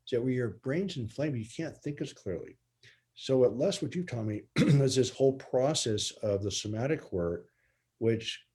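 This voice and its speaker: A man's voice: lowish voice, warm tone. A spine surgeon explaining his methods in earnest conversation.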